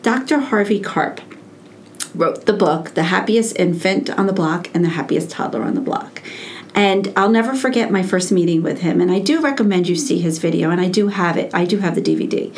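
A middle-aged woman who works as an early childhood educator, telling stories in conversation and acting out quoted dialogue with lively repetition. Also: on the low side, fairly quick. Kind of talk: animated conversational storytelling.

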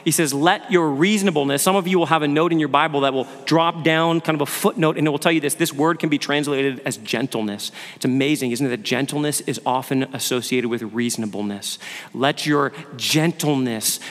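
A man's voice: a little high, brisk, hardly any pauses. A male pastor giving an earnest sermon, asking his listeners questions and often repeating words as he goes. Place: church sanctuary. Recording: long hall reverb.

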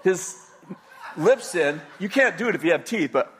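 Older Californian man, fairly high-pitched, spins a rambling childhood story with stops and starts. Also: animated, moderate pace, a crowd in the background, background noise. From California, USA. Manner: rambling, frequent restarts, chuckling. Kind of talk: personal storytelling.

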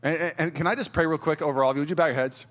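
A male pastor preaching in a casual, energetic way. He restarts his phrases often and stammers as he builds up. His voice sits a little higher than most men's. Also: rapid-fire. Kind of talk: sermon.

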